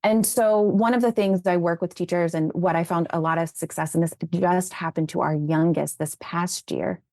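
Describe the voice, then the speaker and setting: A woman's voice: lowish voice, normal speed, no echo, studio quality. A woman being interviewed as an educator, telling stories about raising children in an earnest, conversational way. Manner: earnest, animated when retelling conversations.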